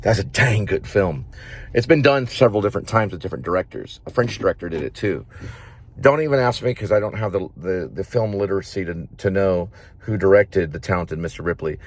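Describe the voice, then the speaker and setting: A man's voice: sits low, expressive, fast, a little hiss or hum. A man who acts, telling rambling stories to the camera in a casual vlog, repeating himself as he goes. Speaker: actor and vlogger.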